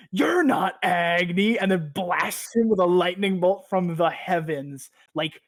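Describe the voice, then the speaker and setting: A man with a somewhat high voice hosts a podcast and recaps a story in loose, rambling chat. He swears freely and fills his talk with "like". The sound is dry and close, with no room around it. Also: no echo. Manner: rambling, profane, heavy use of "like". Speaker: podcast host.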